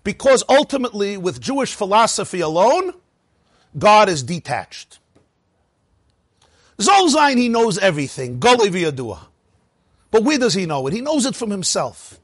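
A high-pitched, husky male voice swinging widely up and down as he lectures. He fires off rhetorical questions and laughs at his own points. The sound is close and dry. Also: very animated, normal speed, pauses often, no room sound. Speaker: rabbi teaching a class. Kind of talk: lively Torah lecture.

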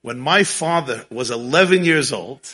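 A man telling a story in an animated way, chuckling often and sprinkling in Yiddish and Hebrew terms. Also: mid-range voice, a little slow, breathy edge. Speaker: religious storyteller. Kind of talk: storytelling talk.

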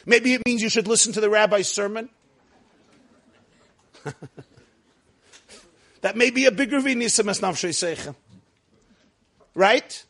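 High-voiced man lecturing a class. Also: a little slow, long pauses, a bit bright. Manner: asks the class questions and answers them himself, jokes with them. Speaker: rabbi teaching a class.

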